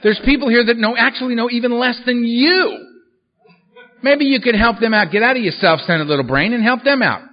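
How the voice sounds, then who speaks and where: A man's voice: extremely high pitch, fairly quick, long reverb tail, voice pushed up. A man quoting a curt, bossy sponsor. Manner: curt, commanding, sarcastic. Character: blunt no-nonsense male sponsor giving orders. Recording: dull lo-fi recording.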